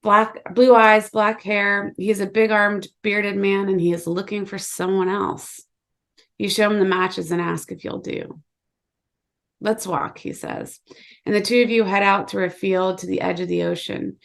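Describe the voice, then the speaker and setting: A woman author giving a measured, low-key reading of her own short story. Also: creaky. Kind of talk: literary reading, second person.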